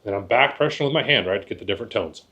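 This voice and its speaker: A man's voice: fairly low pitch, expressive, rapid-fire, creaky, highs cut off, very noisy. A man teaching hunters how to call geese, talking in a folksy way, often repeating words and checking in with "right?". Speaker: goose calling instructor. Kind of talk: casual instructional talk.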